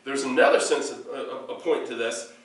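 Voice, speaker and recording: Indoors, a man gives a hands-on dog training lesson, explaining in loose spoken bursts mixed with demonstrations. His mid-range voice is steady and brisk, picked up from a distance in an echoey room with faint background noise.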